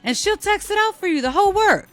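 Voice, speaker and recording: A woman's voice: extremely high pitch, expressive, fast talker, faint music behind. An American woman hosting her own show, talking casually to listeners in a blunt, profane and self-mocking way. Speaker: podcast host.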